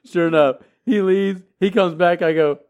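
A middle-aged man with a Texan accent tells a movie story to friends in a relaxed way, with fillers and laughter. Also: sits high, normal speed. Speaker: podcast co-host. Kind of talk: casual storytelling among friends.

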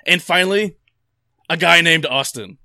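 Bright-voiced man hosting a comedy podcast. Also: a little high, moderate pace, no room sound. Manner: dry, mock-grand introductions. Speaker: podcast host. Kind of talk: casual comedic podcast banter.

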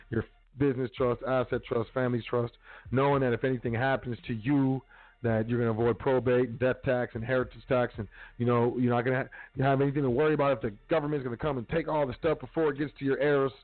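A man's voice: mid-range voice, little pitch movement, fast talker. A man hosting a casual talk show, speaking bluntly with street slang and some profanity. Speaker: podcast host. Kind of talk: casual monologue. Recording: tinny phone-line sound with faint music.

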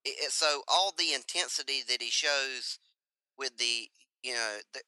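A man co-hosting a podcast cuts in with teasing comments. His voice is bright and sharp, recorded close with no room sound. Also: mid-range voice, moderate pace, smooth, no room sound, rough recording. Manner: teasing interjections. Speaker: podcast co-host. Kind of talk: casual chat.

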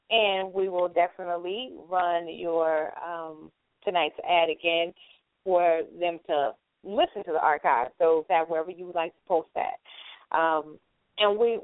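A woman hosting a call-in talk show, polite and measured, with some fillers. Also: lowish voice, dry recording. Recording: tinny phone line.

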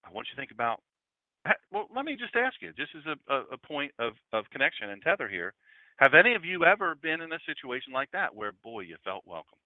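A pastor in his fifties talks fast in a medium-pitched voice that swoops wildly up and down, preaching conversationally and engaging his congregation in a church room. The sound is tinny like a phone call, with no room sound.

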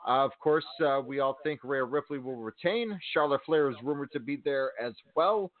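A man's voice: medium pitch, normal speed. A man co-hosting a sports radio show, talking wrestling in a rambling way with many ums and uhs. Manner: rambling, many fillers and restarts. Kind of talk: casual wrestling talk. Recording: tinny phone-line sound.

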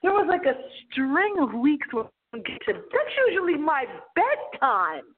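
A woman hosts a late-night radio show in a theatrical, giggly, storytelling way. Her pitch swoops up and down as she talks. The sound is thin and tinny, as over a phone line. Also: sing-song, normal speed.

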